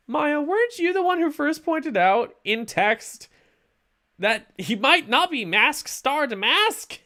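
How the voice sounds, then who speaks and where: A woman chatting casually as she streams a story game, with quick, exclaiming asides. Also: sits high, sing-song, bright, forceful tone. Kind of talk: casual let's-play commentary.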